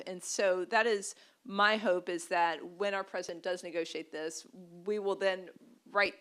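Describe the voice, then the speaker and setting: A woman gives earnest remarks on a policy panel in a slightly low voice. She often restarts her phrases and circles back over her points. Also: a bit bright. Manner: earnest, repetitive, frequent restarts.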